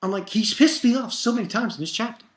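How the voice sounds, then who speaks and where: A man's voice: high voice, lively intonation, fast talker, a little hiss or hum. A young man giving a casual, rambling review rant, heated and full of swearing. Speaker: manga reviewer.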